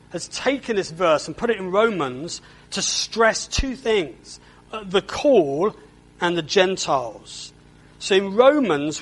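A man's voice: high-pitched, a bit bright, poor audio. A man preaching a sermon in a church, earnest and often repeating words as he stresses a point.

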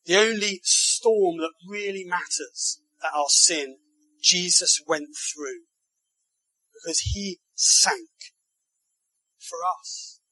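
High, bright-voiced man preaching a sermon. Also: takes it slowly, slightly rough, no echo, rough recording. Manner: rhetorical tag questions to the congregation; emphatic, building phrases.

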